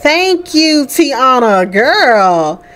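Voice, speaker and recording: Lively high-voiced woman gaming host. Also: extremely slow. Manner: chatty and animated, laughing often, talking to the sims. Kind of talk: casual let's play commentary.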